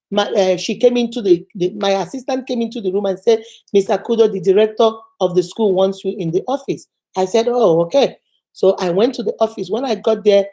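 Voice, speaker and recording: A woman vlogger telling a personal story casually to camera, acting out the people in it. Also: medium pitch. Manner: animated, acts out quoted voices. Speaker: motivational vlogger.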